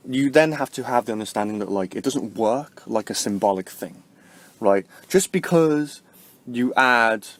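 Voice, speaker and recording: A man vlogging about spirituality in a casual, rambling way, tagging "right?" onto his points and jumping up in pitch for emphasis. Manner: rambling, heavy use of fillers like "like" and "right?"; swings sharply up in pitch and loudness to stress points. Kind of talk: casual spoken explanation to camera.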